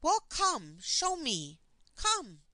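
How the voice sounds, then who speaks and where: A woman's voice: sits high, wildly swooping pitch, very slow, sharp tone, dry recording, voice pushed up, heavily acted. A woman reading the part of an impatient, mocking young man in an audiobook, voicing him with urgency and scorn. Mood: eager.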